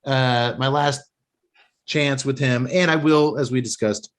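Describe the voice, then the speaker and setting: A man hosts a podcast in casual chat. He rambles and holds strong opinions, often restarting his sentences. His voice sits at an ordinary middle pitch. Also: steady tone, a little slow. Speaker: podcast host.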